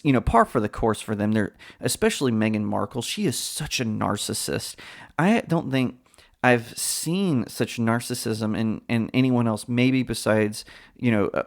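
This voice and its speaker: Gravelly-voiced man hosting casual commentary. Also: medium pitch. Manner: opinionated, chatty, frequent fillers. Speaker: commentary channel host. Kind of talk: casual pop culture commentary.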